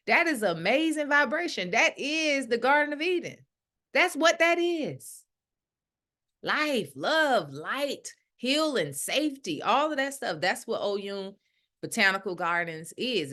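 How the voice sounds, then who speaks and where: Animated, bright-voiced woman ministry leader. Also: fairly high pitch. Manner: animated, acts out quoted voices. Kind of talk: casual spiritual talk.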